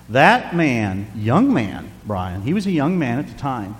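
A man in his sixties preaching a sermon, telling a personal story with animated delivery that drops to a hush at tender moments. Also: mid-range voice, unhurried, few pauses, long reverb tail, a little hiss or hum. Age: 60s. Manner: animated, drops to hushed tones for emotional moments.

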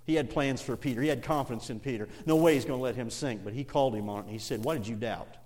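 An animated middle-aged preacher delivers a sermon in a mid-pitched man's voice. He laughs often between lines. His talk swings from quiet, low asides to loud, climbing passages. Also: racing. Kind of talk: evening sermon.

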